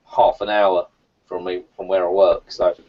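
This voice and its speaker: A young man co-hosting a casual stream, relaxed and rambling with fillers. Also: deep voice, measured pace. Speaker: co-host. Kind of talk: casual live-stream chat. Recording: dull lo-fi stream audio.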